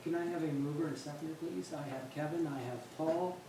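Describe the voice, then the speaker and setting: A man's voice: on the high side, brisk. Man, meeting chair, reads motions aloud, reverberant chamber, off-mic. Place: council chamber. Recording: echoey chamber, distant mic, background noise.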